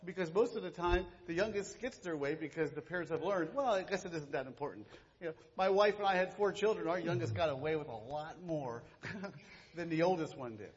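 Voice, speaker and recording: A man's voice: on the high side, fairly quick, lo-fi sound. A middle-aged man co-leading a church workshop, sarcastic and joking, recorded in a church hall.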